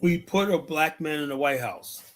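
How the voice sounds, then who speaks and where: A man with a slightly higher voice delivering an impassioned, rhetorical livestream monologue as a political commentator, repeating himself and pausing to search for words.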